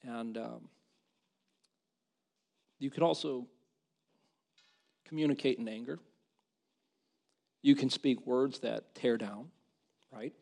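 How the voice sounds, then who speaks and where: A man's voice: mid-range voice, steady tone, takes it slowly, creaky, pauses often, a little mellow. A man preaching a sermon, reading scripture aloud and repeating words as he builds to impassioned, rising emphasis.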